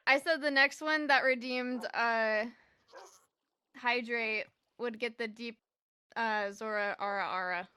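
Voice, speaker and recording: A young woman streams a game, chatting casually and laughing often. Her voice is smooth and on the high side, and she comes across as chatty, excitable, and quick to laugh in the casual gaming chat.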